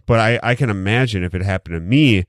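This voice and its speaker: This podcast host speaks fast in a fairly low register, rambling through casual chat full of jokes and heavy swearing. The recording is dry, captured close on a studio microphone.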